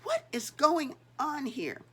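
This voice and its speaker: Raging pompous store boss, low and loud, grandma doing the voice, gravelly. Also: female voice, expressive, slow pace, heavily acted. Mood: furious. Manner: loud, indignant barking. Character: furious, pompous male store manager.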